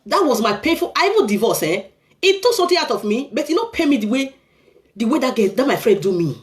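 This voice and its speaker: A woman's voice: on the high side, very animated, fast talker. A Nigerian woman sharing a painful personal story as a heartfelt testimony, pleading and preacherly as she urges listeners to forgive.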